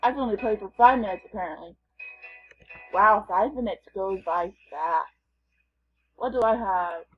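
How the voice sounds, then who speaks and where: A woman's voice: medium pitch, unhurried, long pauses, narrow, tinny audio, faint music behind. A woman gamer giving casual, playful commentary as she plays, chatting and thinking aloud. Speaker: gamer vlogger.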